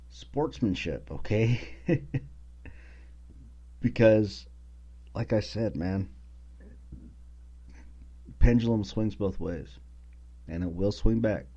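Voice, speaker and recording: A man's voice: sits low, warm tone, muffled recording. A man hosting his own podcast, ranting casually with profanity, sarcasm and lots of filler words. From Utah. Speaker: podcast host.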